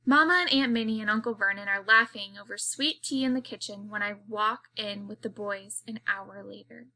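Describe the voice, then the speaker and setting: A woman reading an audiobook aloud as a girl's first-person narration, with steady storytelling. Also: medium pitch, normal speed.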